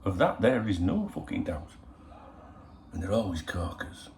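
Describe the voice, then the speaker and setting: A man's voice: sits low, sing-song, unhurried, darkish tone, a little hiss or hum. A middle-aged man hosting a football channel, chatting casually in a rambling, cheeky way full of swearing. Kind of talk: casual chat. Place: in Spain.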